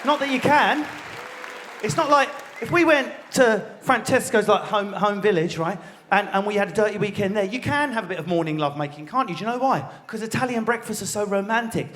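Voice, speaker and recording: A man in his forties with an Essex accent doing a crude, rapid-fire stand-up routine on a theatre stage, leaping into squeaky voices. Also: some chatter behind. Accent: Essex English. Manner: rapid, animated, crude riffing with squealed voice jumps. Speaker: stand-up comedian.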